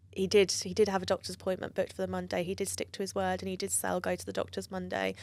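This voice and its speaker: Gravelly-voiced woman, candid and emotional. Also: medium pitch, dry recording. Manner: candid, emotional, swears freely. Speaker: guest. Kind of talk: personal storytelling interview.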